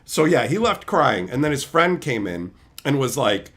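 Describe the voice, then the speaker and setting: A man's voice: medium pitch, very animated, normal speed, fairly bright tone. A man streaming as he opens card packs, heatedly ranting and swearing as he tells a story in casual chat.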